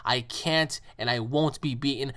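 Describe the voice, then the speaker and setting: A man casually doing an arrogant male warrior out for revenge, all boasts and threats. He talks in a mid-pitched, ordinary voice. The lines come as part of a spoken story retelling. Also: measured pace, a bit bright, natural voice. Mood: angry. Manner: boastful threats, mostly in the teller's own voice.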